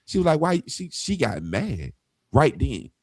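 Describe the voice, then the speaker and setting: A man spins a profane story in a relaxed chat, jumping up and down in pitch as he acts out other people's voices. His voice sits dry and close to the mic. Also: unhurried, no echo. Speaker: guest.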